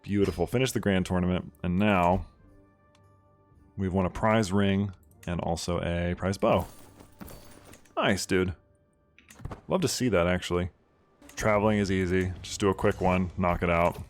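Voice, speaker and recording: A man hosting a strategy game playthrough, chatting casually and bursting into loud mock outrage and cheering. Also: sits low, a little slow, long pauses, soft background music. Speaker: gaming video host. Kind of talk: casual let's-play commentary.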